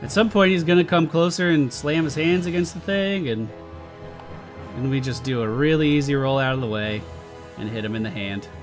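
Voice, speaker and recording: A man's voice: on the high side, moderate pace, faint music behind. A man giving casual gameplay commentary on a let's play, swearing and exasperated, talking back at the game.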